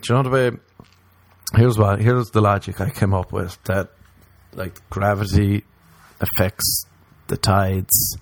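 A man's voice: fairly low pitch, gravelly, a little mellow, dry recording. A man telling rambling comic stories and laughing at his own jokes. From Ireland. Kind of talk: casual comedic storytelling.

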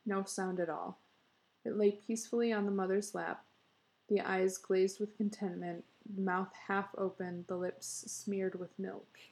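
Gravelly woman reading a story aloud. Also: mid-range voice, rough recording. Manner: measured, expressive storytelling. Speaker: narrator. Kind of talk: storybook narration.

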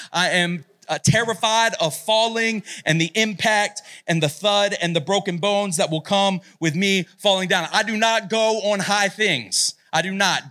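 Man in his late 30s, youth pastor, bright voice, slightly high, loud and playful. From Italian-American. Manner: loud, playful and animated with the crowd. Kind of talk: youth retreat sermon. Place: retreat hall before a live audience.

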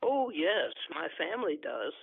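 A man's voice: fairly high pitch, big pitch swings, measured pace, vocal fry, slightly rough, heavily acted. A man reading aloud voices a young male spy posing as a loyal partisan, who answers questions eagerly and readily. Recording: dry, tinny phone line.

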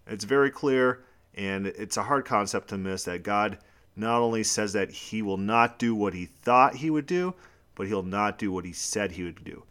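A man with a lowish voice leads a podcast Bible study. He reads scripture passages aloud, then breaks each one down in plain, explanatory terms. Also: fairly bright tone. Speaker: Bible teacher.

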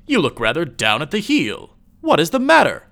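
A man voicing a jovial, mocking gentleman friend who teases heartily. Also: on the high side, very animated, measured pace, pitched above the performer's own voice, exaggerated voice. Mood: hearty.

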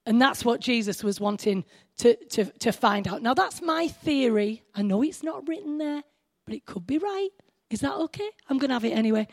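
Woman preacher, high voice, chatty sermon delivery that questions the listeners. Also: animated, normal speed. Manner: conversational, asks the congregation questions.

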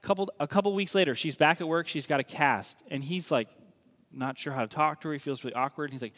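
Guy preaching in a church, talky and emphatic, bit high voice, long echo in the hall. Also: fairly bright tone. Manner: conversational, emphatic, slows down for key lines. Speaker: pastor. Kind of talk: sermon. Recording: long reverb of a large hall.

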